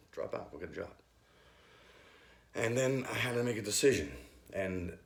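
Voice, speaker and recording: Youth leader, man, low voice, hesitant and nervous, recorded in a roomy space. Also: creaky. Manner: hesitant, halting, many ums. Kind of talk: personal faith testimony.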